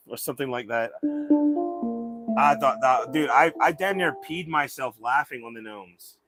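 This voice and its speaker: A man's voice: medium pitch, normal speed, fairly bright tone, faint music behind. A man hosting a livestream in casual chat, rambling and swearing freely. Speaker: livestream host.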